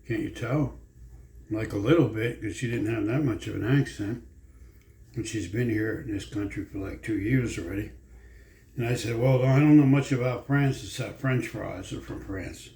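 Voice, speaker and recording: A man's voice: on the low side, normal speed, creaky, dark tone. A man chatting casually at home in a vlog, wandering from story to story in a folksy, meandering way. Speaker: vlogger. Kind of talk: casual rambling chat. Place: home room. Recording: echoey room, faint ambience.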